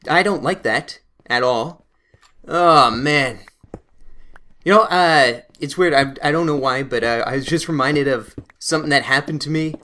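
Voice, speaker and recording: A man's voice: on the high side, a little slow, sharp tone. A young man from Canada, hosting a gaming channel, tells a rambling, self-mocking story while he plays, full of fillers and restarts. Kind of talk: casual storytelling while playing a game.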